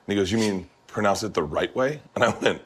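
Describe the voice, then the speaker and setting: A man's voice: on the low side, lively intonation, fast talker, husky. A man hosting a casual podcast chat in a kitchen, telling jokey stories with lots of swearing. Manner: profane, joking storyteller.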